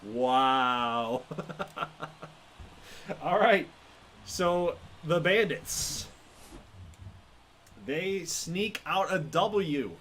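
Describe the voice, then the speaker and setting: Excitable man calling a video game baseball game. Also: fairly high pitch, extremely slow, long pauses, a little hiss or hum. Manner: excitable, laughs often, reacts loudly to plays. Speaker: gaming channel host. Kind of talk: casual play-by-play game commentary.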